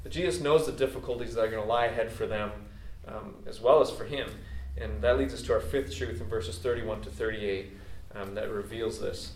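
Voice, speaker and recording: Fillers and restarts run through this male pastor's loose, chatty sermon. He speaks fairly quickly, with a fairly low pitch and a darkish tone. It's recorded from a distance in an echoey room with faint background ambience.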